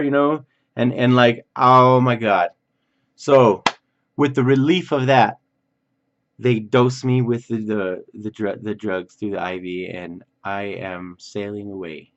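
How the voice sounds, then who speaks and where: A man casually telling a personal story for his vlog, animated and swearing freely, acting out what others said. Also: on the low side, measured pace, long pauses, dull audio.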